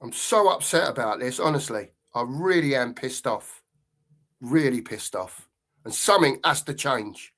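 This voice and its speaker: A man's voice: medium pitch, lively intonation, a little slow, fairly bright tone. A middle-aged man hosting a live football stream, ranting angrily and swearing, often repeating himself. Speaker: podcast host.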